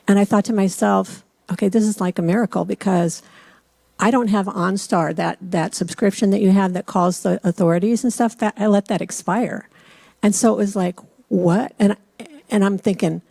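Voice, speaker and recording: A woman's voice: mid-range voice, normal speed, vocal fry, no echo. A woman who leads meditation at a church, telling a chatty personal story with touches of humor. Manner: chatty, animated storyteller with self-deprecating humor. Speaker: meditation leader. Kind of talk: personal story told from the pulpit. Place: church service.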